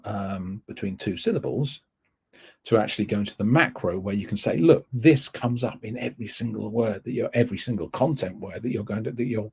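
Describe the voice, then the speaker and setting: A man's voice: on the low side, gravelly, a little mellow, breathy edge. A man giving a teaching webinar, rambling and correcting himself often as he explains. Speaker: TEFL course tutor. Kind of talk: webinar lecture.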